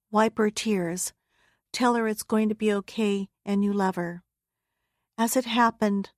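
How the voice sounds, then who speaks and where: Woman, audiobook narrator, solemn, earnest, medium pitch, dry close mic. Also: dry recording. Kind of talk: first-person memoir narration. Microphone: close studio mic. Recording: dry close studio sound.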